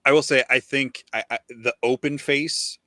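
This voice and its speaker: A man's voice: mid-range voice, fairly even intonation, normal speed, bright, forceful tone, no echo. A man hosting a casual podcast, enthusiastic but hesitant, with many ums and restarts. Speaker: podcast host. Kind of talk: casual chat about collectible toys.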